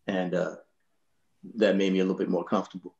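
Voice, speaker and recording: Low-voiced man telling relaxed stories. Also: fast, gravelly, lo-fi sound. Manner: relaxed, laughing, lots of "you know". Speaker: bass player telling stories. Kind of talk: anecdotal storytelling in a panel.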